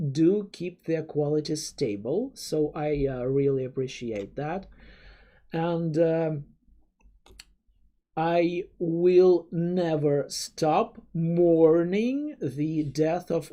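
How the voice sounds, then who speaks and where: Reading chat on a live stream, a young adult streamer rambles casually with viewers in a mellow, mid-range voice. Their first language is Russian, and the talk is littered with stammering restarts and offhand curses.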